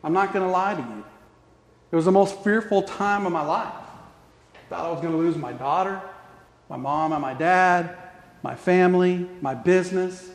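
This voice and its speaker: A man preaching a sermon with passion, shifting between loud emphasis and hushed, quiet tones. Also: high-pitched, normal speed. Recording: echoey hall.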